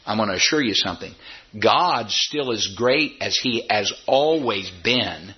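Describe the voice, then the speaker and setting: A man preaching a sermon as pastor, emphatic, his voice jumping high when he imitates doubters. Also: lively intonation, unhurried, breathy edge, dull audio.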